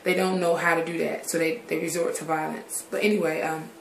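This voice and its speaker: A grown woman with a fairly low voice, talking frankly to her viewers in a personal vlog. She rambles from topic to topic and drops curse words casually. The room gives the recording a roomy echo, with faint noise underneath. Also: level tone, brisk, creaky. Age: adult. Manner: rambling, drifts from subject to subject. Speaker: vlogger. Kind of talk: candid personal vlog talk.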